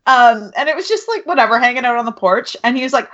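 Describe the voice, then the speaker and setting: A woman's voice: a little high, lively intonation, fast, fairly bright tone, lo-fi sound. Profane, sarcastic woman on a podcast. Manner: profane, sarcastic, laughs often. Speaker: podcast co-host. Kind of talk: casual chat.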